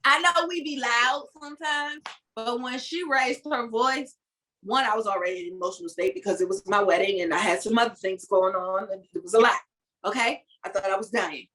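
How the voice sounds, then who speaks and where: A chatty woman co-hosting a podcast, teasing as she talks. Her voice is very high and sharp-edged. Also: brisk. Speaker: podcast co-host. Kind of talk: casual chat.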